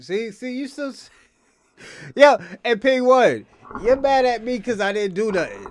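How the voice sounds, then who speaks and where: Male streamer host, high voice, dead-dry sound, rambling profane riffing at chat regulars. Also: lively intonation, normal speed, no echo. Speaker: livestream host. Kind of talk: casual livestream commentary addressing chat.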